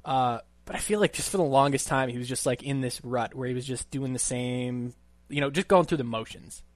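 A man co-hosting a casual wrestling podcast, talking in a relaxed, hesitant way. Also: mid-range voice, brisk, dry recording. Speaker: podcast co-host.

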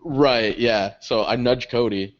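A young man co-hosting a podcast, telling stories in casual chat. He swears often, laughs through his stories and jumps high when he quotes other people. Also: takes it slowly. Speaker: podcast co-host. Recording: dull lo-fi podcast audio.

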